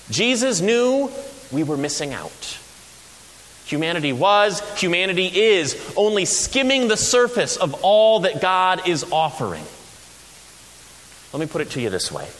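A pastor with a fairly high-pitched voice preaches a sermon a little slowly, telling animated stories full of humor and energy. The sound comes from an echoey hall with faint hiss.

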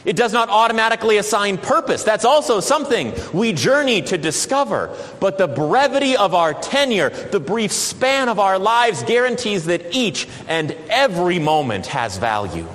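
Reflective preacher, lively pitch, echoing hall. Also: male voice. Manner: reflective, measured preaching with dramatic slow pauses. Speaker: pastor. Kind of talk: sermon.

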